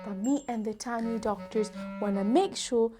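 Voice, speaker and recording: A woman hosting a preschool lesson as a doctor, speaking gently in a slow, exaggerated, sing-song way. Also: on the high side, music in the background. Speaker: children's show host, doctor.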